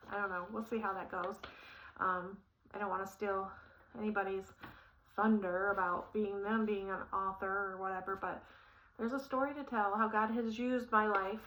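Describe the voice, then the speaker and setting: A woman's voice: a little high, poor audio. A middle-aged woman vlogger telling a personal story in a rambling, casual way with many fillers while assembling furniture. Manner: rambling, warm-hearted, many fillers and restarts.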